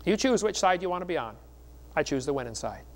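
A middle-aged man preaches at a seminar, his voice slightly high for a man. He tells stories in a folksy, joking way and keeps the delivery lively. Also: quick pace. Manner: folksy, joking, animated storytelling. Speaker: evangelist speaker.

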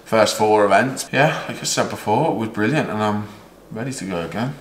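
A man's voice: fairly low pitch, expressive, fairly quick, slight background noise. A man hosting a casual golf chat, talking chattily, laughing often and acting out what people said. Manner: chatty, laughs often, acts out quoted remarks. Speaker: vlog host and caddie. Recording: roomy echo, faint background.

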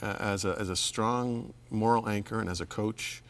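A man hosting an interview, asking questions and sharing reflections in a measured way, sometimes dropping to a near whisper. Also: fairly low pitch, steady tone. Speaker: interview host. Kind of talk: interview conversation.

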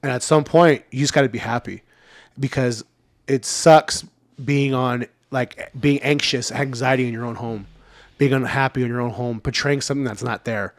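A man's voice: mid-range voice, steady tone, normal speed, no echo. A man in his thirties talking candidly on a podcast, laid-back, with lots of fillers and the odd curse word. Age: 30s. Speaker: podcast regular. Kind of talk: casual podcast chat.

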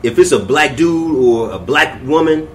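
A man's voice: on the high side, expressive, moderate pace, slight background noise. A man speaking in a reflective, plainspoken way in a casual podcast chat.

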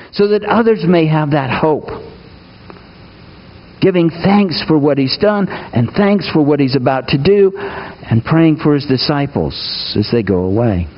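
A man's voice: on the high side, lo-fi sound. Folksy man preaching a sermon. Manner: folksy, engages the congregation with questions. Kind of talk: conversational sermon. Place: church.

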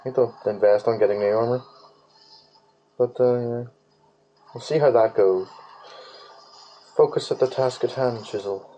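A man's voice: mid-range voice, normal speed, long pauses, mellow, rough recording. A man giving casual gaming commentary while he plays, rambling, swearing freely and humming nonsense tunes. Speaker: let's play gamer.

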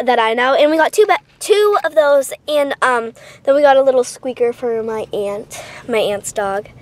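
A woman's voice: sits high, noisy background. A young woman vlogging casually on a handheld camera, gushing and bubbly with lots of fillers. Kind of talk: casual vlog. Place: out and about, stores and streets.

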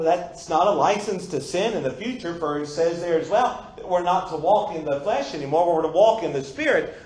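A man preaching a sermon as pastor, asking his congregation rhetorical questions and breaking into loud exclamations. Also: high-pitched. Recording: echoey church room.

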